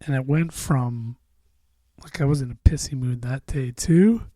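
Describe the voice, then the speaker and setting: This podcast host talks alone in a casual, rambling way, cursing freely and slipping into mumbling now and then. He has a very dark, mellow voice and a measured delivery, recorded close and dry with no room sound.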